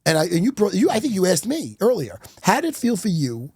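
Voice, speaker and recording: A middle-aged man telling stories as a podcast guest, animated and profane. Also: high voice, fairly quick, husky, dry recording, clean studio sound. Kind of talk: casual podcast chat.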